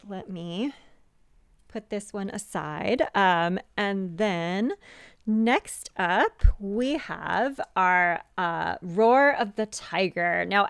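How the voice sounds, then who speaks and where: A woman's voice: medium pitch, creaky, clear, resonant tone, dry recording, clean studio sound. A woman hosting a live stream, chatting casually about her handmade jewelry with many fillers and restarts. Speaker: jewelry designer hosting a live sales show.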